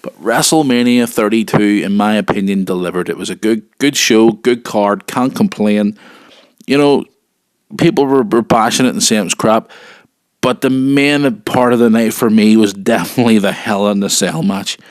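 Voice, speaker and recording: A man hosting his own wrestling podcast from home, talking earnestly and with emphasis, often repeating himself and getting excited. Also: fairly low pitch, normal speed, dry recording, clean studio sound. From United Kingdom. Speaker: podcast host. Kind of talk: solo wrestling podcast talk. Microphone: home podcast mic.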